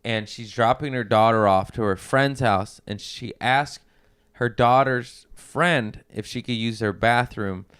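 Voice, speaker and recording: A man telling crude family stories in a casual podcast chat, loud and animated, with squealing voices for his relatives. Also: mid-range voice, a little slow, few pauses, clear, resonant tone, no echo, clean studio sound. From Mexican-American family. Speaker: podcast guest.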